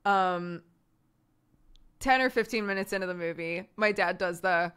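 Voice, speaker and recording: A woman streamer telling family stories in casual chat, animated and laughing often. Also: on the low side, unhurried, smooth.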